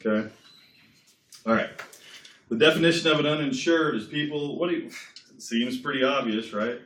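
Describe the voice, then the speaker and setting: A man's voice: medium pitch, fairly bright tone, a little hiss or hum. A man giving a casual classroom lecture, chatty and digressive, often checking in with his students. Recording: echoey classroom.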